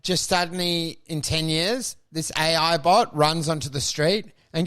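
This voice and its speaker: A man co-hosting a comedy podcast, riffing animatedly and jumping into shouted character voices. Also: fairly high pitch, steady tone, a little slow. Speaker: podcast co-host.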